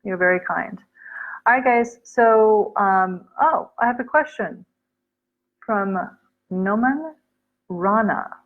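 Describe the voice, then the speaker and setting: A woman's voice: mid-range voice, slow, pauses often, narrow, tinny audio. Chatty American woman on a livestream. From United States. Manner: chatty, reads comments aloud, mixes in Urdu words. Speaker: livestream host answering viewer comments. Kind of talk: casual livestream chat.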